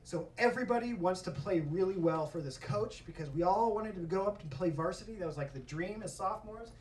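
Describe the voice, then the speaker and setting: A man telling a stand-up story on a comedy club stage, profane and animated, often breaking into laughter. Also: high-pitched, brisk, distant mic. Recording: echoey club miked from afar. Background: audience laughter.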